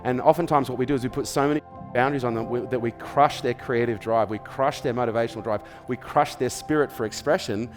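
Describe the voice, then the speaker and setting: A man's voice: medium pitch, fast, hardly any pauses, long reverb tail, over music. An Australian man, a business coach, giving parenting advice in an emphatic, repetitive motivational style, checking in with "okay?" and "does this make sense?". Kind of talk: motivational talk in an interview.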